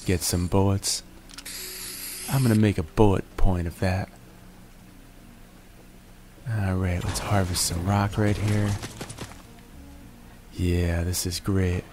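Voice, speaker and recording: A man in a groggy morning voice narrating his gameplay, relaxed and jokey, making little puns as he goes. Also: low voice, slow, long pauses, noisy background. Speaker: gaming video host. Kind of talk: gameplay commentary.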